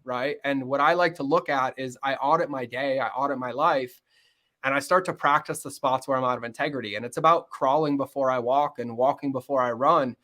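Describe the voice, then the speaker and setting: Brief: middle-aged male podcast guest, earnest and open, bright forward tone, mid pitch. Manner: earnest, fast-flowing, acts out quoted dialogue. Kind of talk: candid interview conversation.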